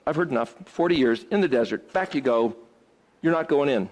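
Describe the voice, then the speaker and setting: A man voicing God as a stern, curt judge in a lowered voice. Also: animated, a little fast, lightly acted, rough recording. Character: stern male deity, final judgment.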